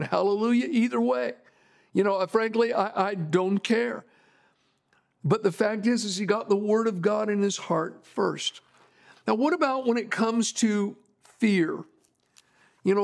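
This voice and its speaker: Man preaching, tells stories, says stuff over and over, fairly high gravelly voice. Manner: repeats phrases for emphasis. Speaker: pastor. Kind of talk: storytelling sermon.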